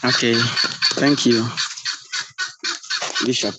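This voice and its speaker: Slow, earnest young man. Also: medium pitch, fairly even intonation, heavy background noise. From Ghana. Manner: earnest, searching for words. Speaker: church youth leader, class participant. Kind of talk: sharing thoughts in class.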